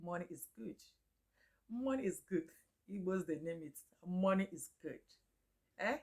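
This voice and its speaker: Woman, casual language lesson, repeats words slowly, laughs often, fairly low voice. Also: animated, a little mellow. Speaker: Igbo language teacher.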